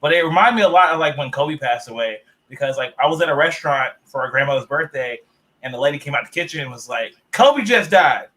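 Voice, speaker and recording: A man co-hosting a sports podcast, telling lively stories and swearing casually. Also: medium pitch, quick pace, rough recording. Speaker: podcast co-host.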